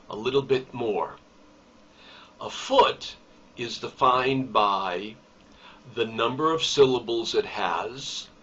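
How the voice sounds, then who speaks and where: Slow, deliberate male teacher, distant lo-fi sound. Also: mid-range voice, fairly bright tone. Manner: slow, deliberate explaining with emphasis on key terms. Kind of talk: recorded poetry lesson. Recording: distant, dull lo-fi recording.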